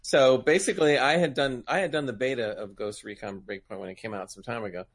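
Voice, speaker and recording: A man's voice: mid-range voice, quick pace. A man in a casual live-stream chat, talking at length, cutting in on others and laughing often. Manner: rambling, talks over others, laughs often.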